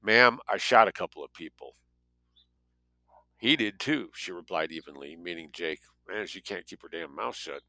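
A man's voice: sits low, lively intonation, moderate pace, bright, forceful tone, no room sound, low-quality recording. A man reading a story aloud as an audiobook narrator, lightly voicing the dialogue.

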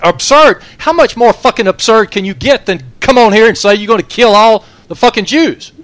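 Blunt, pushy male host, high and dry. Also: normal speed, a bit bright, dry recording. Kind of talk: confrontational talk show.

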